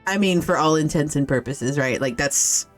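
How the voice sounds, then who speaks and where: A woman's voice: low voice, normal speed, faint music behind. A woman streamer giving casual, swear-heavy commentary while she plays a game, laughing often and reading the game's lines aloud. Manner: reads game dialogue aloud.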